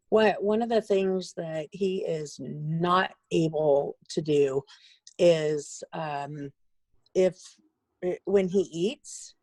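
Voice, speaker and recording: Woman parent, lowish voice, dry close sound, frank and exasperated. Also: dark tone, dry recording. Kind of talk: casual chat.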